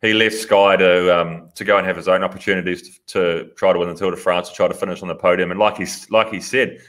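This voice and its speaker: Man, podcast co-host, low bright voice, enthusiastic, blunt and sweary. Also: fairly even intonation, quick pace. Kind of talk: casual podcast banter.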